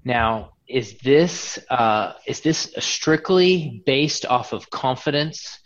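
A man's voice: mid-range voice, expressive, slow pace. A male show host asking a guest questions, often restarting them as he goes. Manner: inquisitive, restarts his questions. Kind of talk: interview questions. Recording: dull lo-fi audio.

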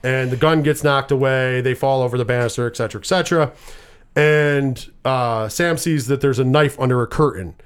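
A man's voice: medium pitch, normal speed, clear, resonant tone. A man casually recapping a movie plot, cursing freely and rambling as he retells scenes. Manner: profane, rambling storyteller.

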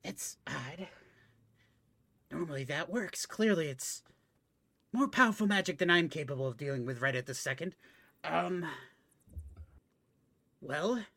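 A man's voice: a little high, lively intonation, a little slow, creaky, long pauses, sharp tone, dry recording, full character voice. A man voicing a bookish, distracted wizard who mutters to himself in a dry room. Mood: puzzled. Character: bookish nerdy wizard NPC, distracted and overconfident.

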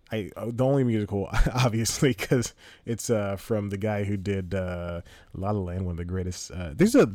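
A man's voice: lowish voice, darkish tone, dry recording. A man hosting a solo podcast in casual talk, rambling, often laughing and losing his train of thought. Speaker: podcast host.

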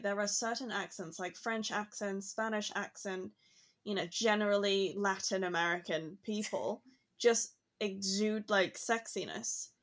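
A woman's voice: mid-range voice, fairly bright tone. Casual co-host: woman, conversational, reflective, easy laughter. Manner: chatty, reflective, laughs easily. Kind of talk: casual chat.

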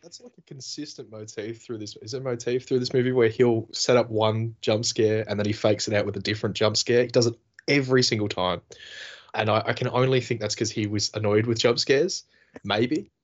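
A man's voice: on the low side, fairly even intonation, a little fast, muffled recording. A man co-hosting a casual film-review podcast, laughing often, swearing freely and mimicking characters as he talks. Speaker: podcast co-host.

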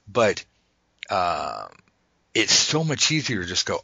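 Rambling, bright-voiced man, low-pitched. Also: sing-song, brisk, husky, dry recording, low-quality recording. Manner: rambling, self-interrupting, jokey. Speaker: podcast host. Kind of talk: casual conversational podcast.

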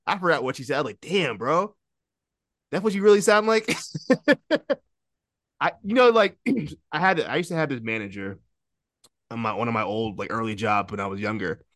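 A male podcast host talks in a loose, rambling way, starting and restarting his sentences and breaking into laughter often. His voice sits in a middle pitch range. The recording is dry and close, with no room sound around it. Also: moderate pace, long pauses, a bit bright, no room sound. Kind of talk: casual chat.

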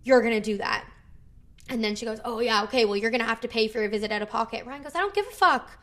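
A woman's voice: fairly high pitch, steady tone, fast, a bit bright. A woman in her thirties, co-hosting a podcast, telling a story in casual chat, acting out the people she quotes and swearing freely. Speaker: podcast co-host.

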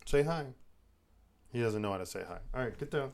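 A man co-hosting a casual podcast, with a very lively, up-and-down voice. He reacts to his co-host, jokes and laughs often. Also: mid-range voice, brisk. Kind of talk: casual chat.

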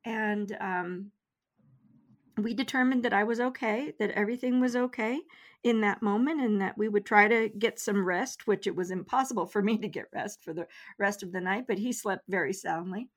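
A middle-aged woman, an interview guest, recounting a personal experience in an earnest, measured way with soft laughs. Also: mid-range voice. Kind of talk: interview storytelling.

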